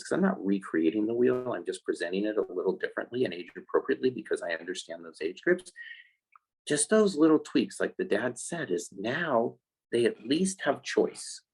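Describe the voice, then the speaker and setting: Gravelly-voiced man, animated coach. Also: on the low side, rough recording. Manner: animated explaining, acts out quoted voices. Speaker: guest, life skills coach for kids. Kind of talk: casual podcast interview.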